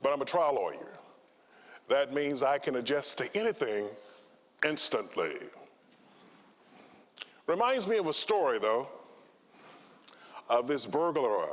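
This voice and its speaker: Sixties male lawyer-speaker, slow and theatrical, voice swings up and down, big hall reverb. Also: fairly high pitch. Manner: slow, dramatic pauses, lively intonation. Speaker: trial lawyer giving a seminar talk. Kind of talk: conference talk with storytelling. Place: large conference hall.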